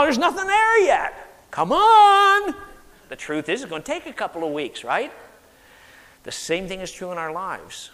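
A man preaching in a church sanctuary, his voice high and swinging widely up and down. He drives points home and has the congregation repeat lines back to him, with a long reverb trailing each phrase. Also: a bit bright. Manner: emphatic, leads congregation in call-and-response repetition. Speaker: pastor. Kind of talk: sermon.

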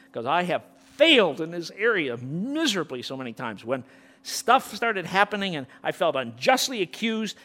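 A middle-aged male pastor preaching an impassioned sermon, swinging from loud peaks to near-whispers. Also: a little high.

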